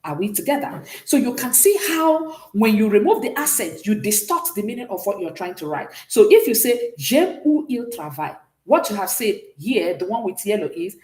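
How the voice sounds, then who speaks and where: A woman's voice: medium pitch, very animated, normal speed, few pauses, a little mellow, reverberant. A woman teaching a beginners' French class, explaining step by step and often checking that her students follow. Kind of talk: classroom lesson.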